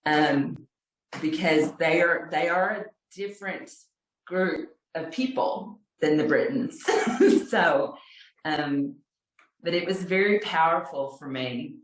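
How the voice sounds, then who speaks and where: A middle-aged woman from Texas telling a personal story on a video call, unhurried and halting, with fillers and soft laughs. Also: low-pitched, recorded from a distance. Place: home room on a video call. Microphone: video call mic, set back. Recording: roomy echo, voice off-mic.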